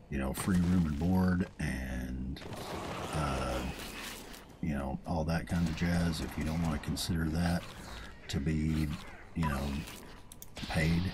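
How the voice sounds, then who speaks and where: A man's voice: a bass voice, background noise. A man with a Southern US accent hosting a let's play, chatting casually and chuckling at his own jokes. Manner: chatty, folksy and self-amused, chuckling often. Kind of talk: casual gameplay commentary.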